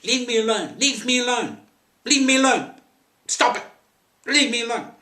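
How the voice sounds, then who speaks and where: A man's voice: very high-pitched, animated, normal speed, bright, forceful tone, far from the mic, pitched above the performer's own voice, heavily acted. A man voicing a terrified young woman who screams for help in a panic, in an echoey room. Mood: terrified screaming. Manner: shrieking, panicked.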